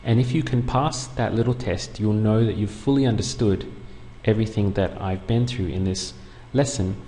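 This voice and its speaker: A man teaching a beginners' language lesson online, explaining patiently and clearly step by step. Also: lowish voice, moderate pace, warm tone. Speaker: Spanish teacher. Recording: long room reverb, faint background noise.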